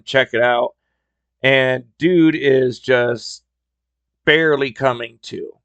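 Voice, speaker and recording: A man with a gravelly, slightly fried voice tells stories in a relaxed, wry podcast style. His pitch sits at an ordinary middle level for a man. The recording is dry and close, with no room sound. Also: no room sound. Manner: wry, conversational. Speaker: podcast host. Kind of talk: casual storytelling.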